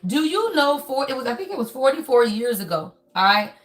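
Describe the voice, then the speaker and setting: A woman's voice: high-pitched, a little fast. A woman hosting a spiritual reading live stream, talking casually and preaching bluntly, with lots of cussing, and calling her viewers "y'all" over and over. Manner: blunt, profane, calls the audience "y'all" constantly; lively, preachy and emphatic. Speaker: spiritual reading channel host. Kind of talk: casual livestream chat.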